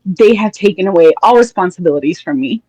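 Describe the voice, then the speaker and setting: A woman's voice: lowish voice, quick pace, low-quality recording. A woman calling in to a podcast, animatedly telling a workplace story and acting out coworkers' lines. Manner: animated, quotes people with mock voices. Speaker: caller. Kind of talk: casual storytelling.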